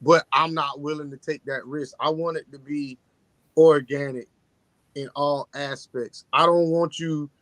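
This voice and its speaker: A tired man on a podcast talks in a low-key monotone, his voice sitting a bit higher than most men's. The sound is close and dry, with no room around it. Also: measured pace, dry recording. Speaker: podcast co-host. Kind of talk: casual chat.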